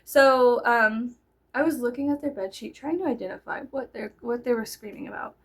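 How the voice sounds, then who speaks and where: High gravelly woman, kinda husky, telling a wild story all animated. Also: moderate pace. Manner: animated, bursts into loud laughing shouts. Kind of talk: casual storytelling.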